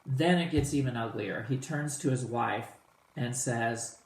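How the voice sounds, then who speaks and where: Male teacher at an ordinary pitch, talks through a play casually with students, echoey room. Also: unhurried. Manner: casual, animated, retells lines in plain slang.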